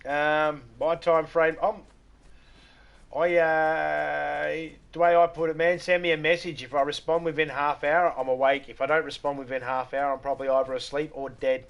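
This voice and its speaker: A man's voice: fairly high pitch, little pitch movement, normal speed, gravelly, fairly bright tone, muffled recording. An Australian man from Western Australia chatting casually on a live stream, rambling, joking and laughing often.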